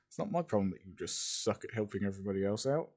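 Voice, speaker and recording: A man's voice: fairly low pitch, expressive, quick pace, darkish tone, voice pushed down. A man voicing a teasing, easygoing young male wizard in a fan-made story.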